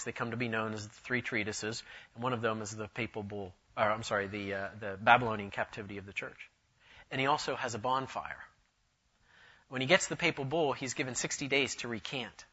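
A man delivers a conference lecture on church history with enthusiasm and dry humor, drifting into asides. His voice is bright and forceful. The recording sounds dull and lo-fi. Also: mid-range voice, husky.

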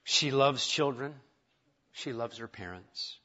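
A man's voice: mid-range voice, expressive, slow pace. Give me a male pastor preaching a conversational, humorous sermon, with a dull lo-fi sound. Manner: conversational, self-deprecating humor, swings from quiet to emphatic. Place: church sanctuary.

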